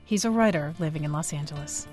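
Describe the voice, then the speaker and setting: A woman's voice: sits low, fast, over loud music. A woman hosting a radio news program, introducing and closing a segment. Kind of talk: news presenting.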